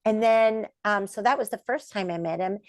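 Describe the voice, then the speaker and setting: A woman's voice: moderate pace, no room sound. A middle-aged woman, a puppeteer and voice actress, telling stories as an interview guest and acting out the voices of the people she quotes. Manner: animated, acts out quoted voices with big pitch jumps. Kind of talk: storytelling in a podcast interview.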